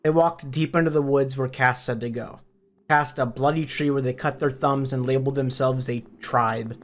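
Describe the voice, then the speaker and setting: A man's voice: medium pitch, steady tone, moderate pace. A man, a book reviewer, retelling a novel's story in a plain, matter-of-fact way. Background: faint background music.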